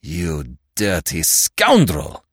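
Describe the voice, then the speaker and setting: A man reading a story aloud and voicing a furious, blustering middle-aged police inspector with a gruff manner. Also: sits low, huge pitch swings, unhurried, a bit bright, no echo, clean studio sound, exaggerated voice. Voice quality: gruff, enraged.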